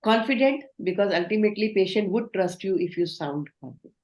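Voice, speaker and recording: A woman's voice: medium pitch, lively intonation, a little fast, a little mellow. A woman giving an online training lecture, instructive and asking the class questions. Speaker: communication trainer. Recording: roomy echo.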